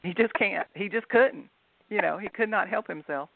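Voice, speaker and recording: Woman, Southern US accent, gravelly voice, dry tinny phone line, chatty storyteller. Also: mid-range voice, normal speed, no echo. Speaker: guest author. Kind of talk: casual chat.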